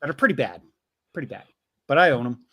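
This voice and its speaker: A man's voice: medium pitch, big pitch swings, fast talker, bright, forceful tone, no room sound, lo-fi sound. A man co-hosting a live show, reading viewer donations aloud in casual chat. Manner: wry, reads messages aloud.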